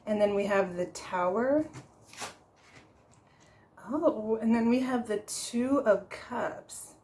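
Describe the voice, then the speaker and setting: A woman giving a casual tarot reading for her vlog, chatty and quick to laugh, often stopping to correct herself. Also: a little high, a little mellow, roomy sound, slight background noise, rough recording. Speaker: tarot reader.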